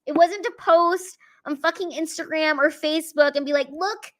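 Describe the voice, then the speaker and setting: High-voiced tearful young woman, swearing. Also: fairly even intonation, normal speed. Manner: emotional, swearing freely, rambling with many "like"s. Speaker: comedian livestreaming to fans. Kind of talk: casual livestream chat.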